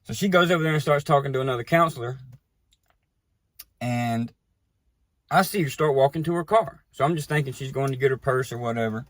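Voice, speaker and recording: A man casually telling a personal story, animated and conversational, often checking in with the listener. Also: mid-range voice, fairly quick, long pauses, no echo. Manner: animated, tags lines with "right?" and "you know". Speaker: recovery storyteller.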